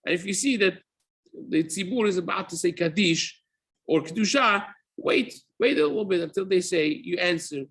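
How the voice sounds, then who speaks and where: A rabbi with a high-sitting, fairly bright voice and a breathy edge, speaking at normal speed, gives a daily halacha class. In this spoken Torah lesson he explains things step by step, often repeating and rephrasing himself and weaving Hebrew terms into his English.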